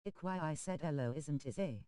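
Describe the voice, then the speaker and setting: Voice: medium pitch, fairly quick, dark tone, clear, resonant tone, no echo, low-quality recording. A text-to-speech voice reading viewer chat messages aloud on a game stream, speaking emoji names and abbreviations literally.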